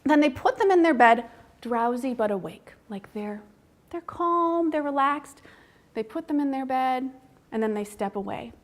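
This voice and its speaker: A woman's voice: high-pitched, lively intonation, unhurried. A woman researcher giving a seminar talk in a conversational manner, often checking in with the audience with tag questions. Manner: acts out parents' lines in a soft whisper.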